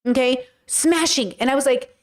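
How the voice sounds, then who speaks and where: A woman's voice: high-pitched, normal speed. A woman streaming casual commentary, talking bluntly and with profanity as she tells stories with animation.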